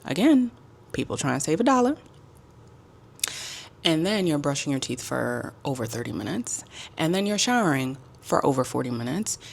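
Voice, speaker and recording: A woman with a low, deep-set voice tells a travel story to the camera. She is sassy and emphatic, and she punches her points with animated flair. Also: normal speed, gravelly, pauses often. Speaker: travel vlogger. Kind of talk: casual storytime vlog.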